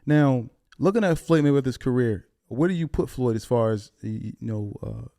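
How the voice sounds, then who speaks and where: A man interviewing a boxer, relaxed and agreeable, asking halting questions. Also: medium pitch, no echo, studio quality. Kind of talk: casual interview.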